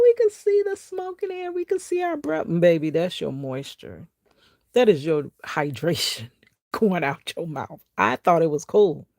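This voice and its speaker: A woman vlogger telling a personal health testimony in an animated way, acting out what people said and talking straight to her viewers. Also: low voice, gravelly, no room sound, clean studio sound. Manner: animated, acts out quotes, talks straight to viewers.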